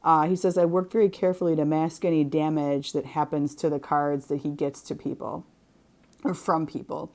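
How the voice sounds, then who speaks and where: A woman's voice: low-pitched, normal speed. Chatty woman reading out comments. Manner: animated storyteller, acts out quoted lines. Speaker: co-host reading viewer comments. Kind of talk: casual chat while crafting.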